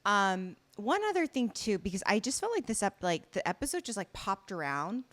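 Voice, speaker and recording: A young woman co-hosting a casual drama podcast, lively and incredulous as she recaps scenes. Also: normal speed. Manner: lively, incredulous, swoops in pitch. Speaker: podcast co-host. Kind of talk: casual chat.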